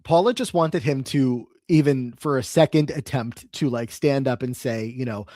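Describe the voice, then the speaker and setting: Man, podcast co-host, mid-pitched voice, casual recap, ums and uhs, dry sound. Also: moderate pace, warm tone, dry recording.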